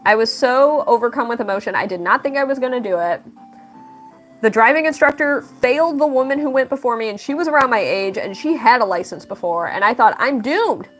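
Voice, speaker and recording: Chatty higher-voiced young woman streaming. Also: brisk, soft background music. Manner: chatty, reads chat aloud, laughs often; animated storytelling with big pitch jumps in quotes. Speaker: livestream host and artist. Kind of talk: casual livestream chat.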